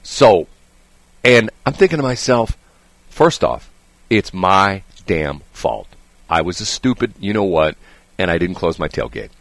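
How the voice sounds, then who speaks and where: A middle-aged male talk show host with a low voice that leaps up and down as he tells his story. He rambles, restarts his sentences and tosses out "okay?" asides. The sound is close and dry, with no room around it. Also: very animated, a little slow, no room sound. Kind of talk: casual storytelling chat.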